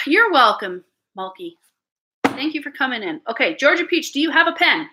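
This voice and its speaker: A Canadian woman doing a live tarot reading, chatty and halting, often repeating her words as she talks to viewers. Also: high-pitched, very animated, noisy background. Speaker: tarot reader.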